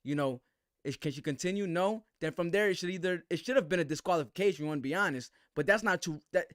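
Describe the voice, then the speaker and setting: A man's voice: high-pitched, quick pace, no room sound, clean studio sound. A man hosting a livestream, giving heated, slangy commentary full of restarts. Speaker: host.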